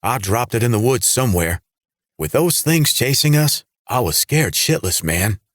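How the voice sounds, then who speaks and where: A man's voice: medium pitch, lively intonation, normal speed, no room sound, studio quality, pitched above the performer's own voice, natural voice. A man voicing a nervous young goth robber who pleads to stay out of trouble, in an audiobook.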